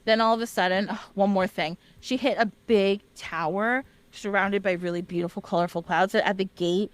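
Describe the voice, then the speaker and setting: A woman podcast host retelling a legend in a casual, animated way, often laughing and talking straight to listeners. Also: mid-range voice, moderate pace, no echo. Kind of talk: casual storytelling.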